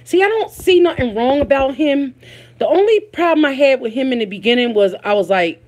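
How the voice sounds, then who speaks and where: A woman's voice: sits high, expressive, a little fast, darkish tone. A woman with a Philadelphia accent chats casually on a live stream from home. She is talkative, laughs often, and keeps calling out to her viewers by name. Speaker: livestream host.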